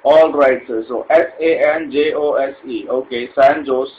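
A man's voice: medium pitch, moderate pace, narrow, tinny audio, slight background noise, close to an everyday voice. A man voicing a polite, formal male call center agent with an Indian accent in a comedy sketch, hesitant and full of fillers. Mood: politely formal.

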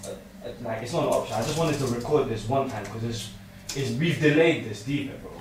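A man's voice: medium pitch, a little fast. A young man, heated and swearing in a staged prank argument, recorded indoors far from the mic. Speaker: prank vlogger. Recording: roomy, far from the mic, noisy.

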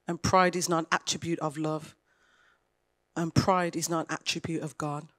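A woman pastor, preaching a sermon in a conversational way and retelling dialogue with lively emphasis. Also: low voice, normal speed.

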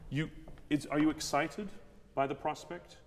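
A man's voice: fairly high pitch, a little slow, slight background noise. A man runs a vocal masterclass from the stage of a theatre. He talks his student through each phrase and acts the lines out himself to show what he means. His voice carries a long hall reverb. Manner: animated, demonstrates lines by half-singing them. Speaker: vocal coach leading a masterclass. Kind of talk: masterclass coaching.

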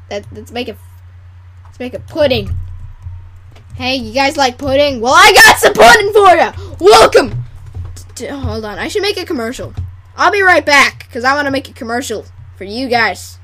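A woman's voice: high-pitched, animated, normal speed, pushed and bright. A woman rambling through casual, goofy gameplay commentary. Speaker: gameplay video creator.

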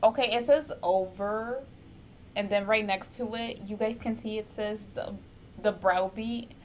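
A young woman hosting her own reaction vlog, chatting casually and breaking into loud, gushing exclamations. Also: mid-range voice, steady tone, measured pace, slight background noise. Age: young adult. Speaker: reaction video host. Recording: music playing behind her.

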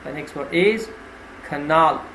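A man gives a vocabulary lesson, reading out each word and its meaning in a slow, deliberate way. His voice sits high, and he dwells on each word's stressed syllable. The recording sounds roomy, with faint ambient noise behind him. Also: fairly bright tone. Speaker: English teacher. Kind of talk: vocabulary lesson, reading words and example sentences.

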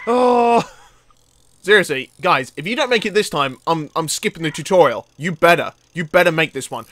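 A man doing let's play commentary, excitable, yelping and laughing at the action on screen. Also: on the high side, fast talker, no echo. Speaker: gaming commentator.

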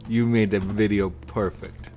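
Low, slow-talking man playing Roblox. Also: slight background noise. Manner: goofy and excitable, squeals high when things go wrong. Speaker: gaming channel host. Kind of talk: playful Roblox let's play commentary.

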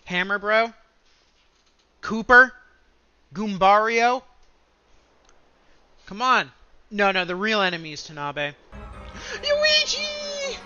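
A man giving loud, excitable let's-play commentary, gasping and cracking crude sarcastic jokes, with game music faintly behind. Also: sits high, takes it slowly, long pauses, smooth, muffled recording. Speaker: gaming streamer.

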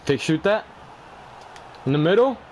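Excitable young man yelling at a game. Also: fairly high pitch, unhurried. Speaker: gamer. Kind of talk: live gameplay commentary.

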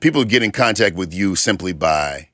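A man hosting a casual interview show, reacting often with quick affirmations. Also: low-pitched, no room sound, clean studio sound. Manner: lively, reacts with frequent affirmations. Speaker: talk show host.

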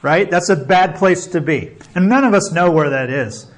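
A male pastor preaching with a notably high-pitched voice. He is earnest and exhorting, and keeps checking in with his listeners with a quick "okay?" or "right?". He builds emphasis by repeating phrases over and over. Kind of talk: sermon.

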